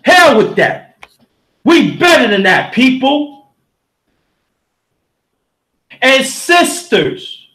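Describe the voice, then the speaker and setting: A man with a very high-pitched, sing-song voice speaks slowly as he hosts a livestream. He delivers a heated, preachy rant, often shouting and addressing his listeners directly while reading the chat.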